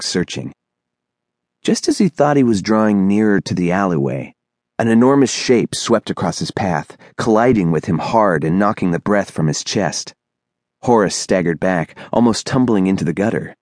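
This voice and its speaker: Man, audiobook narrator, measured storytelling, deep-ish voice, dry studio sound. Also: darkish tone, no echo.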